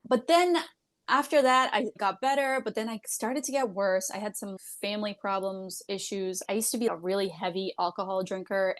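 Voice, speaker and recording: A loud, giggly woman telling frank stories as a podcast guest. She laughs easily and speaks bluntly, with casual swearing. She sounds like a working dental hygienist opening up in conversation. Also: mid-range voice. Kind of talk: candid storytelling in a podcast interview.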